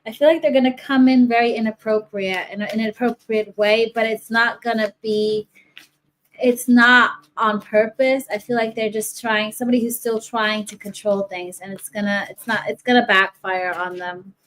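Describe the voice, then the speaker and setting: A woman's voice: fairly high pitch, moderate pace, fairly bright tone, rough recording. A woman giving a casual tarot reading to viewers, rambling with frequent restarts and asides. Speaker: tarot reader.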